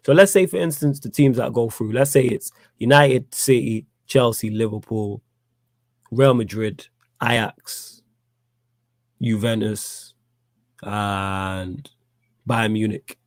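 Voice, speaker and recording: A man hosts a laid-back football podcast. He talks straight to his viewers, teasing them and jumping up into loud, high-pitched challenges. His voice sits in a middle pitch, and the recording is dry and close. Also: animated, unhurried, pauses often, dry recording. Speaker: podcast host. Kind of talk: casual live-stream football chat.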